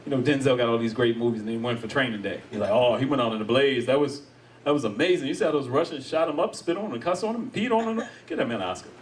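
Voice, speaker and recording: A middle-aged American man does stand-up with crowd work at a live comedy venue, animated, laughing often and acting out other people's voices. His medium-pitched voice moves fast, and the mic is far away, with background noise.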